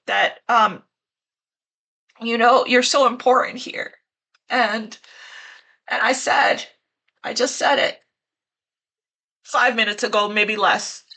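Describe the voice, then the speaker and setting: A tarot reader gives a casual reading, choked up and teary, gushing and repeating her phrases. Her voice is a little high with a sharp edge.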